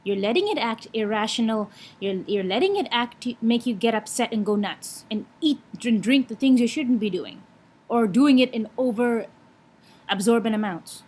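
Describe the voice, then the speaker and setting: A woman's voice: a little high, expressive, normal speed, a little mellow. Blunt, foul-mouthed young woman vlogger. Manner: blunt, frank and profane; lectures and gives advice. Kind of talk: casual vlog talk.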